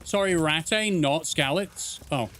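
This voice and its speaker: A man's voice: on the high side, a little slow, fairly bright tone, slight background noise. A young man streaming a game, chatting casually and swearing, laughing at the chaos. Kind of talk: casual gameplay commentary.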